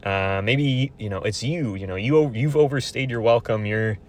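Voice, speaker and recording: A man's voice: medium pitch, moderate pace. A man in his twenties ranting in a casual, profane, rambling way with frequent restarts. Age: 20s. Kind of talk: casual venting monologue.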